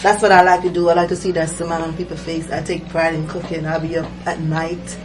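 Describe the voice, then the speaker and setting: A woman chef with a Jamaican accent, talking in a relaxed, halting way with many fillers in a casual interview. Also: deep voice. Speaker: chef and guest. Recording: distant mic with noisy background.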